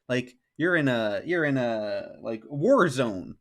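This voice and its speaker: A man's voice: medium pitch, expressive, takes it slowly. A man spins a long anecdote on a podcast in a loose, chatty way, with "like" scattered through his sentences. His voice sits in a middle register. He slips into the voices of the people in his story as he goes. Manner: rambling, heavy use of "like", acts out quotes. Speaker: podcast host. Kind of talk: casual storytelling.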